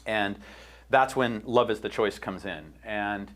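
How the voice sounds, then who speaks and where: A man's voice: on the low side, slow pace, fairly bright tone. A middle-aged man hosting a casual podcast chat, retelling a counseling story with quoted lines and frequent fillers. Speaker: host.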